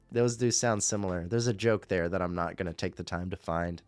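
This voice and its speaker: A man's voice: low-pitched, moderate pace, clear, resonant tone, no room sound. Rambling young man hosting a livestream. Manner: rambling, loose and chatty, with frequent fillers. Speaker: livestream radio host. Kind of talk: casual livestream chat.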